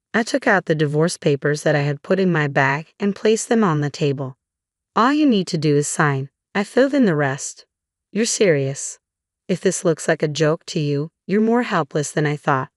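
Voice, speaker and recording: A woman narrating a first-person story in a steady, scripted way. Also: deep voice, normal speed, dry recording, studio quality.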